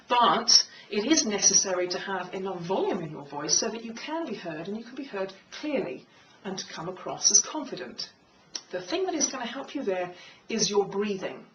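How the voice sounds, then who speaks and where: A woman speaking coach giving a clear, measured talk on confident speaking, in a room with a piano. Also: lively intonation, a bit bright, far from the mic, muffled recording, a little hiss or hum. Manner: clear, measured, demonstrates pitch by singing. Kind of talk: instructional talk to camera.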